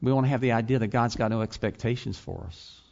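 A man's voice: mid-range voice, steady tone, fast, gravelly, a little mellow. A man preaching a sermon, asking the congregation rhetorical questions and building to emphatic points. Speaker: pastor and college teacher. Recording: slightly dull lo-fi sound.

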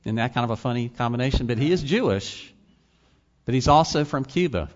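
A pastor who also teaches college preaches a sermon in a medium-pitched, animated voice at a slightly fast pace. He poses rhetorical questions to the congregation and builds toward emphatic points. The lo-fi recording sounds slightly dull.

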